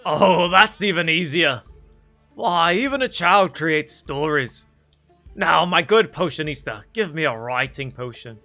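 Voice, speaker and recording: A man's voice: on the high side, expressive, unhurried, sharp tone, faint music behind, heavily acted. A man voicing a vain, pompous male pirate captain with a put-on Scottish accent and grandiose, theatrical speech. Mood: boastful. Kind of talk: voicing game dialogue on a stream.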